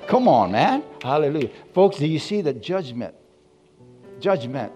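A male pastor preaching, with a voice at an average pitch. He tells stories and acts out the quotes, climbing to loud, fervent exclamations. Faint instrumental music plays behind him. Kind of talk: sermon.

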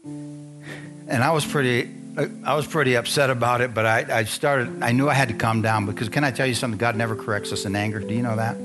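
A man's voice: medium pitch, fairly even intonation, a little fast. A middle-aged man preaching a sermon as a pastor, telling a family story and often asking the congregation questions. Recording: music playing under the voice. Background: guitar music.

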